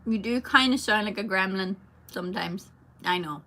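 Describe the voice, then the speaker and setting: A young Irish woman, a singer, chats casually with fans on a live stream, giggling and reading their comments aloud to answer them. Her mid-range voice moves at normal speed and sounds pushed and bright.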